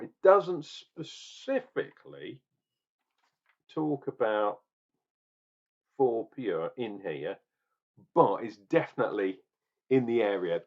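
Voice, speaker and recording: A man's voice: mid-range voice, muffled recording. A chatty middle-aged man from England reviewing a beer, rambling and joking in a casual tasting vlog. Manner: chatty, jokey, rambling asides.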